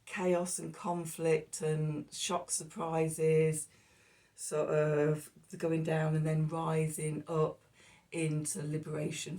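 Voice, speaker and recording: A woman with a low, unhurried voice talks through the day's astrology and tarot, losing her thread often and filling gaps with ums. A cough keeps catching her, and she sits a little back from the microphone. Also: a little mellow, far from the mic. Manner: rambling, self-interrupting, with fillers. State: coughing, hoarse. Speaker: tarot reader. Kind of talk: casual astrology and tarot talk.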